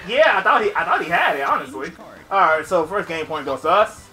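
Upbeat, excitable male gaming host. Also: on the high side, brisk, soft background music. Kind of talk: casual gaming commentary.

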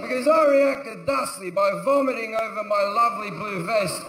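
Profane comic, high-pitched, echoey hall. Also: male voice, moderate pace, noisy background. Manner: profane, sardonic, acts out characters with shouts. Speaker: stand-up comedian. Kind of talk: stand-up storytelling. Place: large theatre stage. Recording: echoey live theatre recording. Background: audience laughter.

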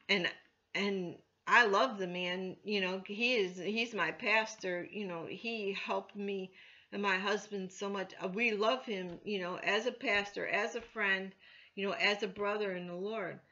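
A woman church elder giving an informal Bible teaching, chatty with many "you know" fillers, getting louder when she quotes scripture. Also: medium pitch, steady tone, unhurried, dull audio.

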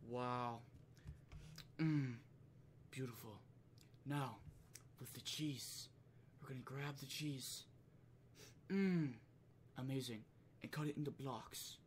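A man's voice: fairly high pitch, animated, normal speed, bright, forceful tone, a little hiss or hum. A man putting on a put-on British accent to parody a brash celebrity chef, with exaggerated, crude mockery. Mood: mock-gentle.

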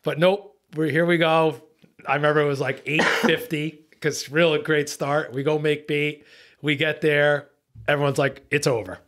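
A man, a boat captain, telling a long fishing story on a podcast in a lively, profane way, acting out his own lines. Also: on the high side, moderate pace.

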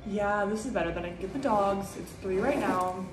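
A woman vlogging in casual chat from her new, mostly empty apartment, gushing and excitable, full of "like" and "oh my gosh". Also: mid-range voice, normal speed, noisy background. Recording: echoey empty room.

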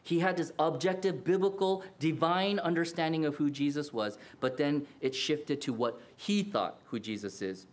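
A man preaching a sermon as pastor, earnest and animated, acting out quoted lines. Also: on the high side, normal speed, hardly any pauses.

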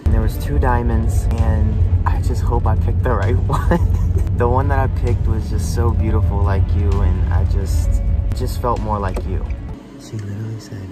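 A young man talking to the camera in a casual video diary, excited and emotional, laughing and stumbling over his words. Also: on the low side, moderate pace, over loud music. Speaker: vlogger planning a proposal. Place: in a car, then outdoors in wind.

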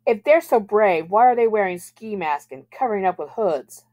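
A woman reading aloud, voicing a blunt, excitable young man with Down syndrome in a storybook. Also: medium pitch, moderate pace, pitched above the performer's own voice, close to an everyday voice. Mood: insistent. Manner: blunt, loud outbursts.

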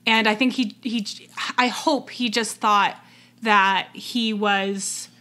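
A woman's voice: medium pitch, fairly even intonation, slow, pushed and bright. A woman co-hosting a podcast, chatting casually with many fillers and restarts. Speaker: podcast co-host. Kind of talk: casual chat.

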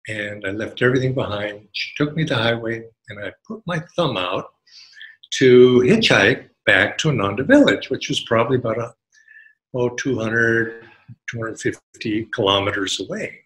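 A man giving a devotional talk as a spiritual teacher, telling a personal story in an animated way. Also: mid-range voice, moderate pace, rough recording. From United States. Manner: animated storyteller, acts out quotes in a raised voice.

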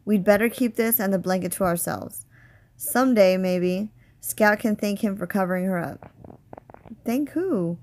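A woman reading aloud, voicing a calm father who speaks gently and dryly. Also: mid-range voice, a little slow, close to an everyday voice. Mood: gentle. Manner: gentle, dry.

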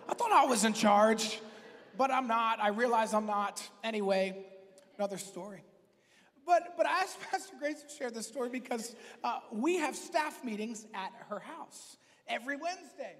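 A man preaching a sermon as pastor, talking in a conversational, joking way that breaks into loud, emphatic bursts. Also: very high-pitched. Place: church hall. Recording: long reverb of a church hall.

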